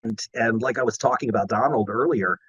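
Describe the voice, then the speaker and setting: A man guest telling stories in a casual interview, excitable and animated. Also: mid-range voice, fairly quick, husky, no room sound, highs cut off. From Maryland, USA. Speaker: voice actor guest.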